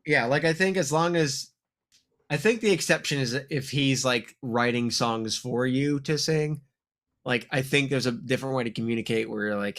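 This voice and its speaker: A man chats casually on a podcast. His voice has a slight nasal edge, and his pitch is middling. He rambles and restarts often. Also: moderate pace, fairly bright tone. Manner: rambling, many fillers and restarts. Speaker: podcast co-host. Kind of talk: casual chat.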